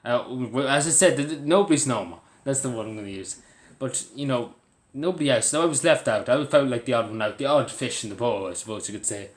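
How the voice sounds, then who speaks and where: Irish man, casual vlogger, earnest and rambling, mid-pitched, roomy echo. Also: a little fast, few pauses. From Ireland. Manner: rambling, earnest, with many fillers and restarts. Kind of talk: casual talk to camera.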